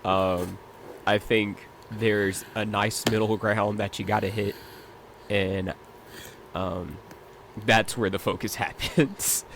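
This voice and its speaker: Chill low-voiced guy, mumbly laid-back chat, light hiss behind. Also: level tone, takes it slowly, fairly bright tone. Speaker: podcast co-host. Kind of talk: casual chat.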